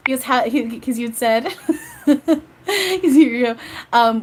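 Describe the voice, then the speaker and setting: A woman's voice: a little high, lively intonation, slow pace. A woman giving a casual livestream channeling reading, chatty and rambling, often breaking into laughter. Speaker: psychic medium.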